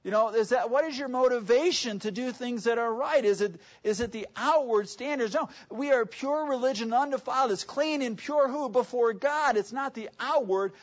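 A man's voice: very high-pitched, moderate pace, hardly any pauses. A man preaching a sermon in a conversational way, often asking the audience rhetorical questions, in a dull lo-fi recording. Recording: dull lo-fi sound.

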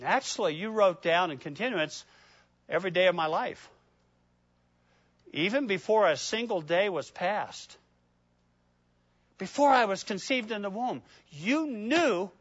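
A man preaching a sermon, swinging between loud emphatic peaks and hushed prayerful asides, reading scripture slowly and deliberately. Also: high voice, lively intonation, no room sound, dull audio. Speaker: pastor.

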